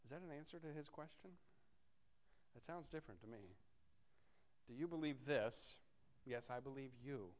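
A man's voice: medium pitch, expressive, brisk. A man preaching a sermon, reading scripture aloud and breaking off into wry, conversational asides to his congregation. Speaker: pastor.

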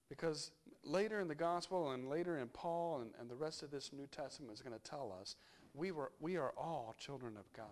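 A man preaching in a relaxed, conversational way, with a voice of ordinary middle pitch. He sounds reflective and unhurried, pausing and restarting as he thinks aloud. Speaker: pastor. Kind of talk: conversational sermon.

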